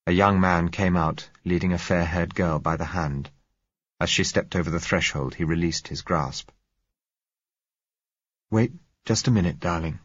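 A man reading a novel aloud as narrator, in a measured, dryly wry manner. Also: low voice, a bit bright, slightly rough, no room sound, muffled recording. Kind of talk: audiobook narration.

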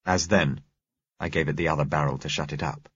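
A man reading a novel aloud in measured, grave first-person narration. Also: rumbling low, fairly even intonation, fairly bright tone, husky, dry recording, lo-fi sound. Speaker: audiobook narrator.

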